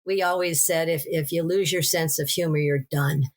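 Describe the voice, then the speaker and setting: Low-voiced woman telling a story. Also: moderate pace. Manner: animated storytelling with laughs and restarts. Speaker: podcast guest, author. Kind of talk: storytelling interview.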